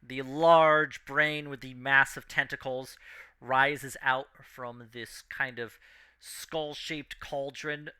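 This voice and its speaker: A game master runs a tabletop game, describing scenes steadily and slowly with the occasional "um." His medium-pitched voice is very bright and crisp, cutting cleanly through the narration in a steady tone.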